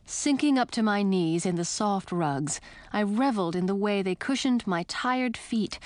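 Expressive woman narrating a storybook. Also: medium pitch, dry recording. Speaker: audiobook narrator. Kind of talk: first-person storybook narration.

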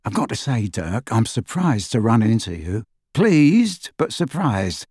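Ted: a reader doing a mellow, easygoing wizard father. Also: medium pitch, sing-song, unhurried, breathy edge, no room sound, studio quality. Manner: easygoing, chatty. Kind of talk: audiobook character voice.

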